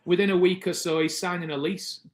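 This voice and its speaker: A man in his thirties with a British accent, a podcast guest telling his story in a lively, casual way and acting out the other people's lines. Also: high voice, a little fast. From Britain. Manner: animated, acts out the voices of people in his stories. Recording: echoey room.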